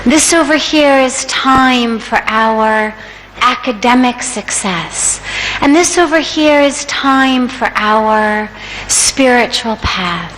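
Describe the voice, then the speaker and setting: Slow-speaking woman giving a spiritual talk. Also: on the high side, lively intonation, a bit bright. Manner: measured storytelling. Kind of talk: spiritual discourse. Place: large hall at a yoga festival. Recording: echoey hall with faint noise.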